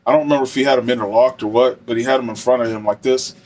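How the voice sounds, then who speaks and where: A former correctional officer telling a story from the job in a casual, rambling way, full of "like" and "you know.". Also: male voice, mid-range voice, fairly even intonation, rapid-fire, darkish tone.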